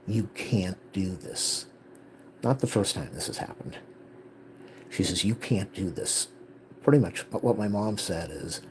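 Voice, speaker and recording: Man vlogging, very low voice, gravelly, emotional family story, faint hiss behind. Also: a little mellow, rough recording. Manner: emotional, retelling family conflict with quoted dialogue. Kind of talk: personal life update monologue.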